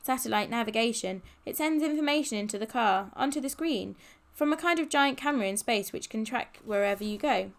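A woman's voice: on the high side, animated, fairly quick. A dry, matter-of-fact modern boy , voiced by a woman reading a storybook. His voice sits a little above plain narration and sounds wry and practical. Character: modern boy, out of breath, sardonic.

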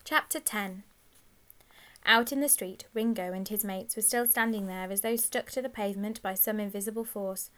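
Brief: woman narrator for a children's book, bright and clear, measured. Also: mid-range voice. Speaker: audiobook narrator. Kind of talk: scripted storybook narration.

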